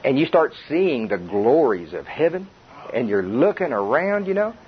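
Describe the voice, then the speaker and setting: Preaching to his church congregation, the older man is very animated, with a mid-range voice at normal speed. His sermon is chuckling and conversational, and it's captured on dull lo-fi tape with a faint hiss.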